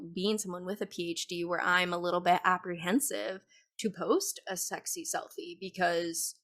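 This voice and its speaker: This is a young woman hosting a podcast, speaking in a slightly low, easygoing voice. She sounds enthusiastic and affirming, with a faint hoarseness as her voice starts to give out. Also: a bit bright. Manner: enthusiastic, affirming, frequent agreement. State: losing her voice. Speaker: podcast host. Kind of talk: casual conversational interview.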